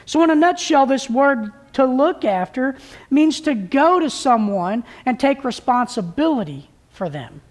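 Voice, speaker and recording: A woman's voice: high voice, very animated, a little slow. A woman preaching a conversational sermon at a church service, plain-spoken and folksy, often restarting her sentences.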